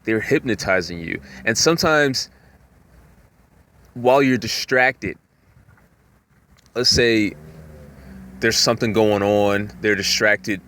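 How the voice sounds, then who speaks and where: A man talking in a rambling, casual monologue, full of "you know" fillers, sometimes jumping up in pitch to act out voices. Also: takes it slowly, long pauses, a bit bright. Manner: acts out voices with jumps in pitch.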